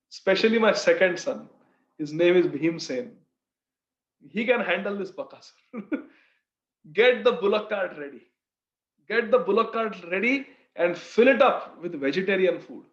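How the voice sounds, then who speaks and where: A man doing a gentle, reassuring mother. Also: high voice, close to an everyday voice. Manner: soothing, confident. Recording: roomy, slightly dull recording.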